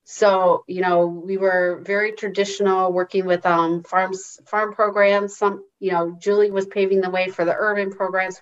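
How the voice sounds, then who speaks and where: Conversational woman, lower voice, dull sound. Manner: friendly, explanatory, relaxed with fillers. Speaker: soil and water conservation district staff. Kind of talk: radio interview guest.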